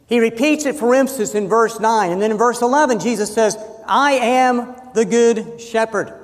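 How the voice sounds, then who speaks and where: A man preaching a sermon, emphatic, slowing and lifting his voice on key phrases. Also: very high-pitched, long reverb tail. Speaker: pastor.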